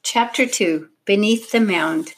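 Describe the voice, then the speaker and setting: A woman narrating a children's storybook in a steady, expressive reading voice. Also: medium pitch, slow pace.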